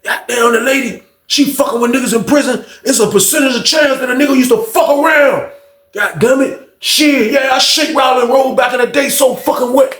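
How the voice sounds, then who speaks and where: A man voicing a stubborn, defiant older male inmate with a gruff, muttering delivery. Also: extremely high pitch, fairly quick, a bit bright, reverberant, voice pushed up.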